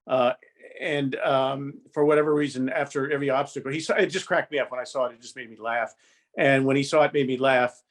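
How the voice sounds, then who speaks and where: Brief: older male guest, meandering storyteller, mid-pitched and plainly casual. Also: fairly even intonation, fairly quick. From Indiana, USA. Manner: rambling storyteller, chatty with many restarts. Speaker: guest, former game show host. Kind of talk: casual podcast interview.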